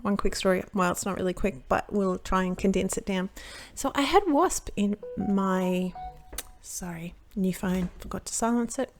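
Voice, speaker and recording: A woman's voice: medium pitch, normal speed, soft background music. An Australian woman chatting casually while she crafts, telling a long rambling story that keeps interrupting itself. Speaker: card-making crafter.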